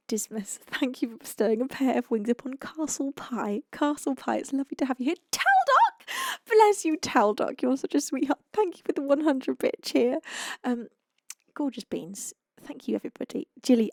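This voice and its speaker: A woman's voice: sits high, normal speed, no echo, studio quality. A young woman with an English accent, chatting effusively to her live stream viewers as she signs off. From United Kingdom. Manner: bubbly and effusive, with soft laughs and sighs. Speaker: streamer and singer-songwriter.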